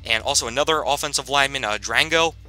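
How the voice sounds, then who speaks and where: Excitable man with a sharp, tense voice. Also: medium pitch, fast talker. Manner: excitable, rambling, bursts of loud hype. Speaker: gaming commentator. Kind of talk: casual gameplay commentary.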